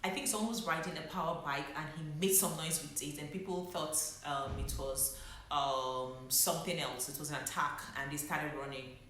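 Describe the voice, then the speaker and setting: A woman's voice: deep voice, normal speed, fairly bright tone, a little hiss or hum. A young woman, a doctor, telling her own story in a reflective way and holding back emotion. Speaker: medical doctor. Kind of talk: personal vlog storytelling. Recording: very echoey room.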